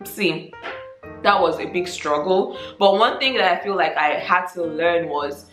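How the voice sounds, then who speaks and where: A Nigerian woman in her twenties chatting casually to camera as a vlogger, with lots of ums and animated asides. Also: lowish voice, a little slow, reverberant, faint music behind. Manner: chatty, frequent ums, animated mock quotes.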